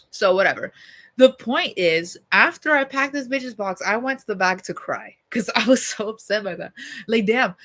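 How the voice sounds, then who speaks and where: Bright-voiced young woman ranting casually. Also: fairly high pitch. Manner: heated, profane and blunt, with lots of fillers. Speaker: livestreamer. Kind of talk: casual storytime rant.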